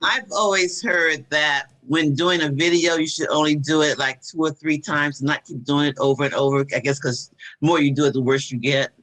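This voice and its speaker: A man's voice: fairly high pitch, fairly even intonation, moderate pace, pushed and bright, rough recording. A man taking part in an online course, casually asking a question on a video call. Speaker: course participant.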